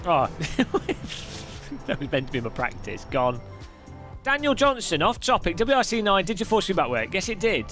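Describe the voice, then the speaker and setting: Man, sim racing streamer, chatty live-stream tone, slightly high voice, very lively pitch, faint music behind. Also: normal speed. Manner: chatty, reads chat aloud, laughs often. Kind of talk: casual live-stream chat.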